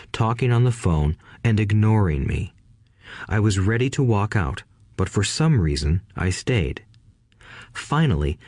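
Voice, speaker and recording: A man with a lowish voice narrates an audiobook steadily and evenly from a script. The recording is dry and close, with no room sound.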